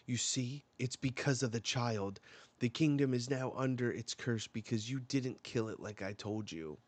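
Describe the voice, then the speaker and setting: A man's voice: medium pitch, normal speed, darkish tone, voice pushed up, natural voice. A man reading aloud as a cruel, fearful queen mother in a commanding tone, his own voice only a little raised. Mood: scornful.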